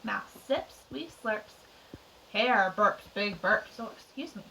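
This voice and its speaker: Bright-voiced teacher reading storytime aloud. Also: female voice, medium pitch, slow pace, vocal fry, a little hiss or hum. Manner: expressive, chatty asides to young listeners. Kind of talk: children's storytime read-aloud. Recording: distant mic.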